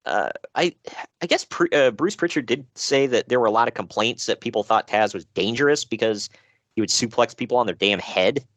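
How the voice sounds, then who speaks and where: A man in casual podcast talk, sighing and laughing as he goes. His pitch swings widely around a middle register. The sound is dry and close. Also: fairly quick, no echo. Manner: animated, laughing, sighing, fillers. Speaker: podcast co-host. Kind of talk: casual chat.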